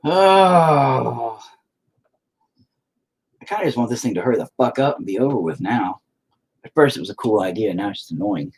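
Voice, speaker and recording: A man's voice: lowish voice, animated, quick pace, darkish tone, breathy edge. A man rambling to himself while painting, profane and self-deprecating. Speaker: painter talking to camera. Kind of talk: rambling casual monologue.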